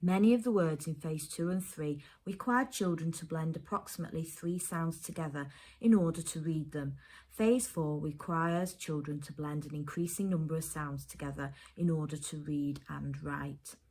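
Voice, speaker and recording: A woman teacher from England giving a phonics lesson to young children and their parents, sounding out letters slowly and carefully. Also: low-pitched, a little mellow. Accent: English. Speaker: primary school teacher.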